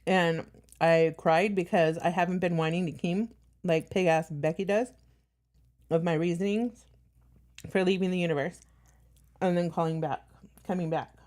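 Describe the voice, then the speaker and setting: Woman streamer, lowish voice, blunt and profane, casual reaction-stream host. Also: fairly even intonation, normal speed, pauses often, darkish tone.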